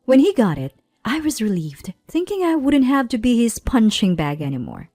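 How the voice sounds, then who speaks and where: A woman in her thirties narrating a personal story in a measured, plaintive way. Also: fairly high pitch, very animated, dark tone, no echo, faint music behind. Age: 30s.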